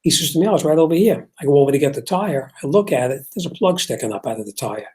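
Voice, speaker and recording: A man's voice: on the high side, animated, quick pace, darkish tone. Older man telling a shop story. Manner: rambling storyteller who acts out both sides of a dispute. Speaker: car repair shop owner and show host. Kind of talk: casual storytelling chat.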